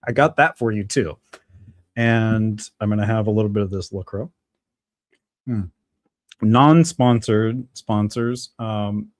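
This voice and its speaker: Low-voiced guy rambling on his live stream, jokey and unscripted, dry close mic. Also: darkish tone, no room sound. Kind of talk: casual live stream chat.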